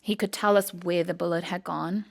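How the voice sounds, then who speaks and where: A middle-aged woman from South Africa recounts a personal story as a podcast guest. Her voice is gravelly and sits a little low, and she talks with feeling, often pausing on "um". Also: steady tone. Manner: emotional storytelling, quoting others, many "um"s.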